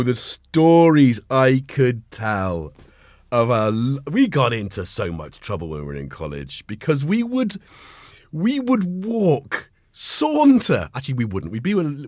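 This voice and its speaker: A man's voice: mid-range voice, wildly swooping pitch, moderate pace, no echo, clean studio sound. A middle-aged man from North Wales with a North Welsh accent, chatting casually with viewers on a live stream while he has a cold. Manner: chatty, greets viewers, jokey asides. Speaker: livestream host.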